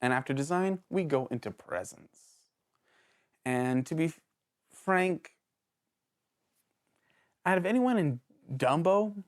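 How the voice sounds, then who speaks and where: Man, casual show host, jokey, rambling, lively up-and-down pitch. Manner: animated and jokey, with sudden pitch jumps; rambling, self-interrupting. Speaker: host of a villain-ranking show. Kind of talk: casual video commentary.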